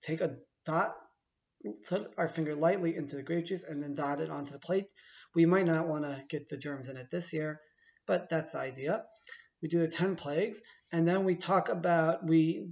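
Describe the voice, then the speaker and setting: In this casual explainer video, a middle-aged teacher takes viewers through a holiday ritual step by step, playful and talkative, stopping now and then to put things another way. His pitch is on the high side with a darkish tone, and the top end of the audio is cut off.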